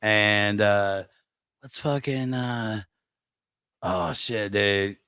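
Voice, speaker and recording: A man with a lowish, smooth, resonant voice tells a story in a loose, scattered way, stalling on names with plenty of uhs. The recording is dry and close-miked. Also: drawn-out words, pushed and bright, no room sound. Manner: scattered, hunts for words with lots of uh and oh man. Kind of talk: casual chat.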